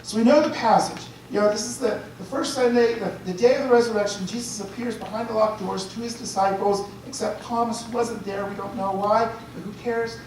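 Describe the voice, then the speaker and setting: Priest lecturing in a chatty way, heard from a distance in a very echoey room with faint hiss. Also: male voice, high voice, steady tone, fairly quick, hardly any pauses, darkish tone. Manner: chatty, checks in with listeners. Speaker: priest giving a talk. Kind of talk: conversational lecture.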